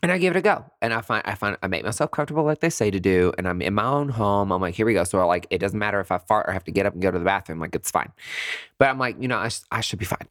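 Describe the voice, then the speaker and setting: A podcast host telling a comedic personal story in a chatty, animated way, laughing often. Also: deep voice, very fast, no echo, studio quality.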